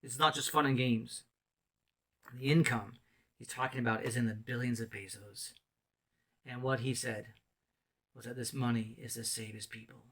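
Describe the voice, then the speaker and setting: At an island mission, a man in ministry gives a testimony sermon that is impassioned and rambling, with frequent restarts and emotional outbursts. He speaks at a moderate pace with long pauses, in a steady, medium-pitched voice with a fairly bright tone.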